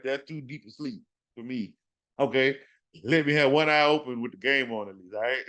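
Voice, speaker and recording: Guy hosting a fantasy football podcast, hyped and trash talking, says stuff over and over for emphasis. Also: on the high side. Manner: animated, trash-talking, repeats words for emphasis. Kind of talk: casual sports podcast talk.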